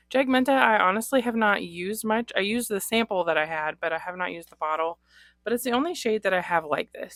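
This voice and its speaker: A woman's voice: mid-range voice, a bit bright, dry recording. A woman vlogging about her fountain pen inks in a casual, chatty way, with lots of ums and small laughs. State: recovering from a cold. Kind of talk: casual show-and-tell vlog.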